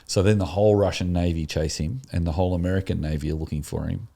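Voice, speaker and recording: A man's voice: deep voice, fairly even intonation, quick pace, vocal fry, warm tone. A man co-hosting a church podcast, chatting casually and telling a rambling story with enthusiasm. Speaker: podcast co-host. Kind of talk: casual chat.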